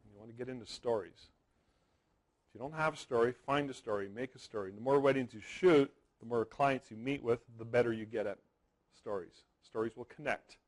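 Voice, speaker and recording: A man's voice: lowish voice, poor audio. A man in his forties presenting a live seminar to an audience, telling stories, stressing points by repeating words and checking in with "okay?". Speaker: wedding photography seminar presenter.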